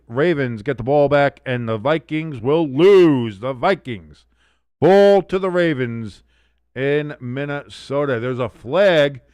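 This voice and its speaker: Man, watch-along host, excitable profane play-by-play, mid-range voice, dry close sound. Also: medium pitch, no echo. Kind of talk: casual live sports commentary.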